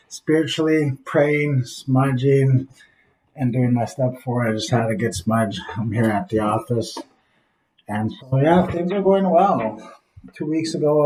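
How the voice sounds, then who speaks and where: An earnest man in his office tells a personal story about his son and his recovery. He talks reflectively at an ordinary pitch and pauses as he goes. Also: a little mellow, rough recording.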